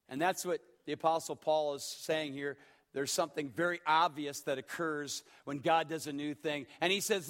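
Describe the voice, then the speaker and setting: A middle-aged male pastor preaches with a high, emphatic voice. He swings from hushed, drawn-out lines to loud shouts. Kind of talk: sermon.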